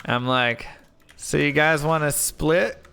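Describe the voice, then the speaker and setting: A man live-streaming, telling a rambling story in a casual, animated way with lots of filler words. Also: on the high side, takes it slowly, creaky, a little hiss or hum. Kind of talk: casual storytelling while gaming.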